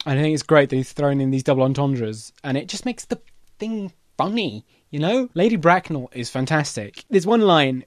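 Chatty man, slightly high voice. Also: no echo, studio quality. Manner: enthusiastic, chatty, cheeky. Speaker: vlogger. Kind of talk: casual book review.

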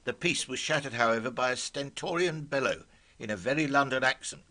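A man's voice: medium pitch, a little fast. An older man narrating a scripted spoken memoir in a wry, vivid manner. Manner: wry, vivid, brightly expressive. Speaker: storyteller.

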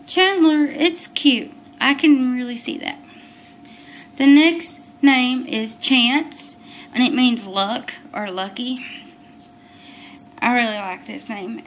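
A young woman with a high voice talks slowly through a casual home vlog. She chats easily, apologizes often, and stumbles over her words now and then. A faint hum of room noise sits behind her. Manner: chatty, apologetic, gets tongue-tied. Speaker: vlogger. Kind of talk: casual baby-name vlog.

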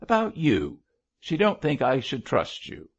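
A man voicing a gruff, quick-tempered, husky middle-aged innkeeper in a storybook reading. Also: mid-range voice, wildly swooping pitch, muffled recording, voice pushed up, exaggerated voice. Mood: angry.

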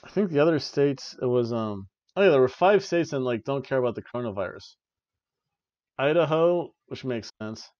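A man's voice: medium pitch, expressive, normal speed, darkish tone, no room sound, dull audio. A young man hosting a wrestling review podcast, giving casual, joking play-by-play with lots of fillers. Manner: rambling, joking, frequent "uh" and "like".

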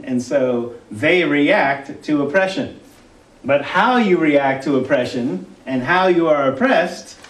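A male college instructor giving a conversational classroom lecture, halting often with fillers and restarts. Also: on the high side. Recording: roomy classroom from a distant mic.

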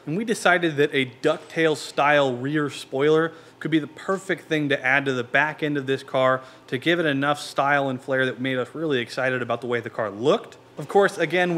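Male host, mid-pitched, relaxed vlog delivery with "you know"s, faint background hiss. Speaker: car build channel host. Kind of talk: casual build vlog narration.

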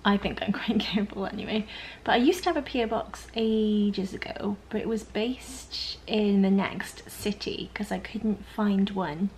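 A woman's voice: mid-range voice, a little slow, darkish tone, a little hiss or hum. A young woman chatting casually at home on her sofa, rambling and giggling through a haul vlog. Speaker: lifestyle vlogger. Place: home living room, on the sofa.

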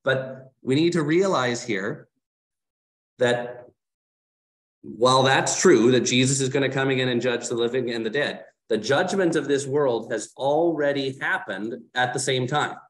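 A man's voice: mid-range voice, measured pace. Man casually leading a Bible study. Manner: conversational, asks the group questions; fillers and self-corrections while explaining. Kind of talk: casual teaching talk.

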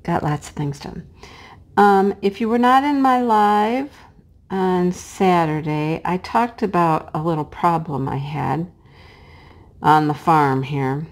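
A middle-aged woman chatting casually while she crafts, her voice hoarse and cracking, sometimes dropping to a hush as she works. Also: lowish voice, slow. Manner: chatty and homey, drops to a hush while placing pieces. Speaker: crafting vlogger and teacher. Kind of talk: casual chat while diamond painting.

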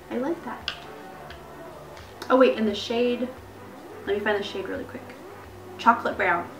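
A woman's voice: a little high, a bit bright. Bubbly young woman gushing over gifts. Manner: bubbly, gushing, lots of "like" and "so cool". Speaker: beauty vlogger. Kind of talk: casual unboxing chat. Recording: echoey room with faint music.

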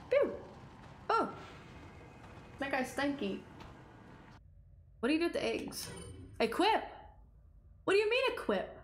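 A woman's voice: high voice, sing-song, takes it slowly, long pauses, roomy sound, a little hiss or hum. A young woman streaming a horror game, chatting with viewers and shrieking at the scares. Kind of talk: live game commentary.

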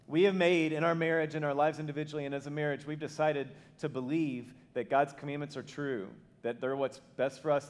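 A man preaching as pastor alongside his wife, telling stories in an animated way. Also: medium pitch. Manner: animated storytelling, acts out voices. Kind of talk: sermon with spouse. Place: church auditorium.

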